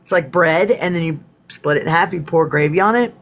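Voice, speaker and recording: A woman's voice: on the low side, a little fast, fairly bright tone. Rambling Texan woman live-streaming. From Texas. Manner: rambling, chatty, swears casually. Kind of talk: casual live-stream chat.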